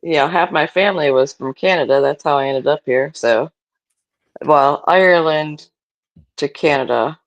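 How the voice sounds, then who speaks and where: A man from the United States co-hosting a live chat, rambling with halting starts. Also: a little high, dull audio. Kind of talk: casual chat.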